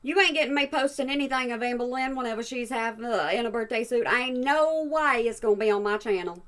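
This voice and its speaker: A woman's voice: a little high, a little fast, fairly bright tone, slight background noise. Blunt woman reacting to a clip. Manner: blunt, exasperated, talking back to the clip. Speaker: reaction channel host. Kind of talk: reaction commentary.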